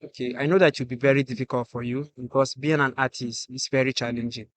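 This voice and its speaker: A man's voice: mid-range voice, fairly even intonation, fast talker, no room sound. A Nigerian man sits in as the guest musician on a podcast and talks in an earnest way. He keeps tagging "you get" onto his points, and his voice sits in the middle range. The recording is close and dry. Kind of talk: casual podcast chat.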